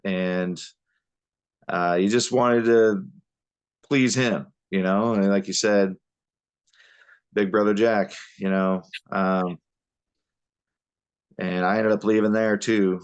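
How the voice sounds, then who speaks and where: A man, a podcast guest, telling his personal story in a halting way with many pauses and restarts. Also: lowish voice, steady tone, smooth.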